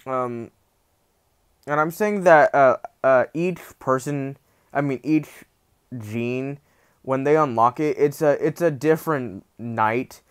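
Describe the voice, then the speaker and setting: A man's voice: medium pitch, slow pace, clear, resonant tone. A young man casually retelling a fan-fiction story, rambling with many restarts and acting out the quotes.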